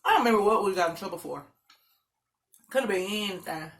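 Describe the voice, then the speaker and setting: A woman vlogger telling a story in a loud, animated, dramatic way. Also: mid-range voice, fast talker. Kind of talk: casual storytelling.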